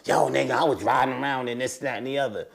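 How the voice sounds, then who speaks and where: Animated, profane man telling street stories. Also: fast talker, vocal fry. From United States. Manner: animated storytelling, slangy and profane, voice rising high when excited. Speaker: interview guest. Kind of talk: casual conversation.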